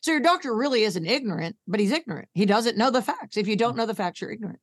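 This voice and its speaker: A woman, a podcast guest telling her story in a blunt, folksy, animated way and acting out the voices in it. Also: a little high, quick pace, no echo, clean studio sound. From Arkansas, USA. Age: 50s. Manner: animated, acts out both sides of conversations. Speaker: podcast guest, patient advocate. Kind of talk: candid storytelling interview.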